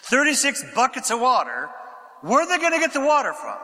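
Preacher guy with a bright high voice, asks the crowd questions, long church echo. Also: wildly swooping pitch, fairly quick. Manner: reads scripture aloud, asks the congregation questions; drops to a whisper for quiet passages. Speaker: pastor. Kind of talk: sermon. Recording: echoey hall with long reverb.

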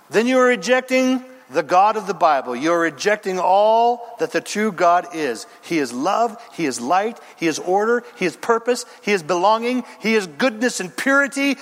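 Here a pastor gives a sermon, his high, energetic voice rising and falling dramatically in pitch. He speaks with theatrical emphasis, pausing often and stringing together rhythmic lists, while the church echoes with long reverb.

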